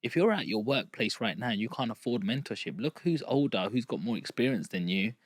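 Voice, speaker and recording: A man in his thirties with an East London accent, hosting a podcast interview and telling stories in a lively, chatty way. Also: medium pitch, a little fast, no echo. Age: 30s. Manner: lively storyteller, acts out quoted voices. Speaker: podcast host. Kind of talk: casual conversational interview.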